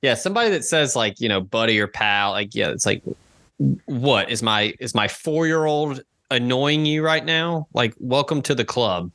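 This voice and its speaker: A man co-hosting a podcast, joking around and animated in casual chat. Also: normal speed, dry recording, clean studio sound. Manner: animated, jokey, swings pitch for bits. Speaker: podcast co-host.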